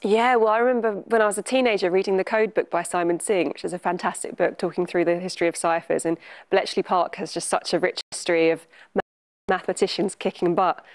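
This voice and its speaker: A woman's voice: on the low side, fairly even intonation, dry recording. Woman presenting a TV quiz. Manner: brisk, clear announcing. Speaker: game show co-presenter calling letters and numbers. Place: TV studio.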